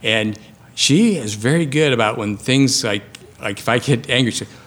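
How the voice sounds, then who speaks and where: A surgeon in his fifties gives a conversational lecture to residents in a hall, often ending points with "right?" to check in. His medium-pitched voice is a bit bright and moves at a moderate pace.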